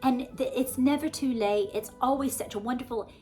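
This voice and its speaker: A woman's voice: high-pitched, moderate pace, a little mellow, soft background music. A woman in her forties with a Southern American accent put on as British RP, rambling chattily and effusively to her viewers. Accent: American Southern with a put-on British RP polish. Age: 40s. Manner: gushing, effusive, chatty with many fillers. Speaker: author and vlogger. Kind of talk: rambling casual monologue to viewers.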